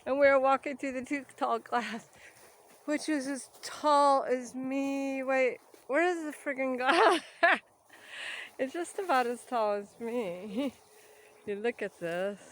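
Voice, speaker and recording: A woman's voice: high-pitched, takes it slowly. A woman out of breath, walking along a grassy riverbank and talking into a phone at arm's length in a rambling, laughing vlog. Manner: rambling, laughs often, swears casually. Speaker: vlogger. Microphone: phone held at arm's length.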